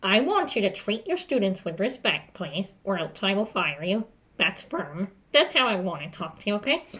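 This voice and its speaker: Woman voicing a bright, firm school principal. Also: mid-range voice, big pitch swings, normal speed. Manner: instructive, firm, repeats "okay?". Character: strict but calm adult female school principal.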